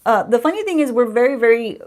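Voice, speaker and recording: A woman's voice: fairly high pitch, expressive, fast talker, a little mellow. Chatty woman hosting a livestream. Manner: chatty, laughing, sarcastic. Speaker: beauty channel host. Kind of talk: casual livestream chat.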